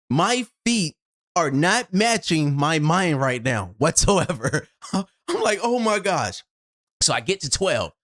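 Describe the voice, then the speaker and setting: Here the host recounts something that happened to them, performing their reactions as they go. The delivery lurches between loud outbursts and hushed asides, captured with a shotgun mic in a home studio.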